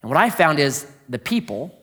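A man with a fairly high voice preaching to his congregation. He tells stories casually, jumping between lively, quick bursts and quiet, dropped-down asides. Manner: conversational storytelling, swings from animated to hushed. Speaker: pastor. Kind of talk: sermon.

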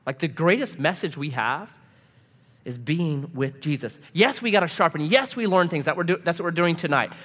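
A man's voice: fairly high pitch, lively intonation, normal speed, a bit bright. A man preaching a sermon, telling a personal story and acting out the dialogue with laughs. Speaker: pastor. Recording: long hall reverb.

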